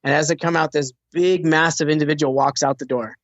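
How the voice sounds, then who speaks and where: A man from the United States tells his own story in an earnest, halting way, often stopping to repeat a word before pushing on. His voice sits a little high for a man. The recording is dull and lo-fi, with a dry, close sound. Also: fairly even intonation, dry recording. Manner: earnest, with frequent restarts and repeated words. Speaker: veteran telling his recovery story. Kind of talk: personal storytelling.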